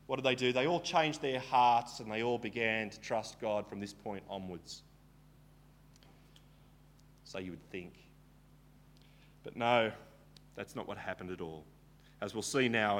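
A man's voice: medium pitch, fairly bright tone. A man preaching a Bible teaching sermon, retelling the story casually and asking rhetorical questions.

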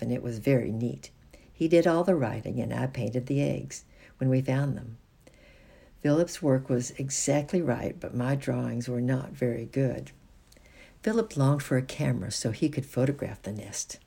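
Someone reading a children's storybook aloud in a gentle, steady manner. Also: mid-range voice, normal speed, vocal fry, slightly rough. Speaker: reader.

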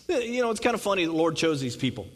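A pastor with a slightly high voice preaches a sermon over poor audio. He reads scripture and explains it conversationally, frequently repeating words for emphasis.

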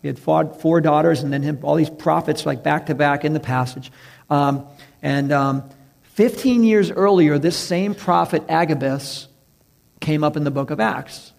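Male preacher, raspy fry in the voice, leans hard on key words. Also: a little high, darkish tone. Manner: preaching with emphatic slow stresses and acted-out quotes. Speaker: pastor. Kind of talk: sermon.

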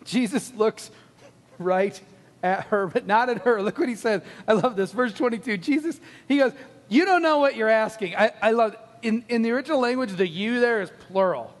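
A man preaching a sermon, telling a Bible story with animated, acted-out quotes and frequent laughter. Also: high voice, moderate pace, in a large hall.

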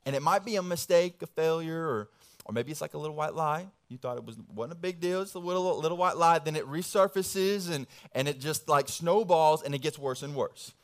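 Young male pastor, casual sermon, lively storytelling, slangy, slightly high voice. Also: brisk.

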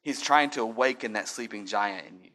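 A man preaching a sermon, moving from conversational talk to loud, fervent preaching. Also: on the low side, a little fast. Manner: builds from conversational to shouted preaching. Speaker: pastor. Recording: music playing underneath.

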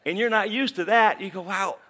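Male pastor, bright voice, animated storytelling sermon, acts out the characters. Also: high-pitched, fast talker.

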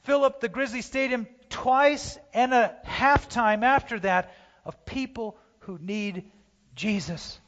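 A man with a high voice preaches a sermon with passion, pushing hard one moment and dropping to a hushed plea the next. His voice carries a long reverb from the church hall, and the recording sounds dull and muffled. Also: slow pace. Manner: impassioned, swings from loud urging to hushed pleading. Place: church sanctuary.

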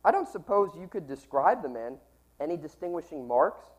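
A sick man voicing a sarcastic male police inspector from a detective story, with a raised pitch. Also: very animated, normal speed, muffled recording.

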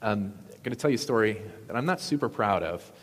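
A man's voice: lowish voice, expressive, fast, a bit bright. Man preaching in an echoey hall. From Wisconsin, US. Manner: conversational storytelling, asks the audience questions. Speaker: pastor. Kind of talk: sermon.

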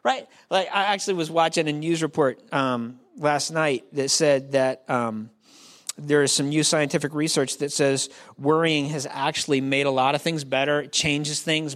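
A man's voice: fairly high pitch, steady tone, moderate pace, fairly bright tone. A man preaching a sermon in a conversational, joking way, talking straight to the congregation. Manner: acts out quoted voices. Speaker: pastor.

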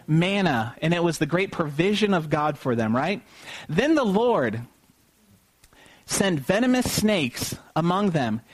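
A man preaching an Easter sermon, often asking the congregation questions and pausing for them to call back the answer. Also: sits high. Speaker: pastor.

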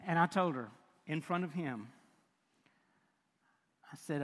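An older male pastor tells a sermon story with wry, lively humor. His voice sits high for a man. It rings out with the long reverb of a large sanctuary. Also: slow. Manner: animated, self-mocking storytelling with chuckles.

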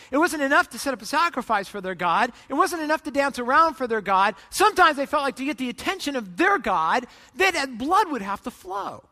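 A man preaching a sermon, retelling a story with lively, acted-out quotes and sarcastic asides. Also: very high-pitched, in a large hall. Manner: animated storytelling, acts out voices. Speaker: pastor.

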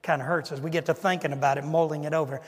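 High-voiced man preaching in a hall. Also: fairly even intonation, very fast, slightly rough. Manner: emphatic preaching with rhetorical questions and lists. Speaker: pastor. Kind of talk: sermon.

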